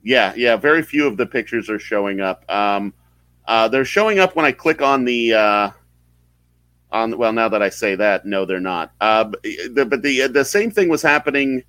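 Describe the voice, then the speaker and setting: A man hosting a casual live podcast chat, talking in a halting way with many fillers and restarts. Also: mid-range voice, lively intonation, a bit bright, dry recording, poor audio. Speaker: podcast host.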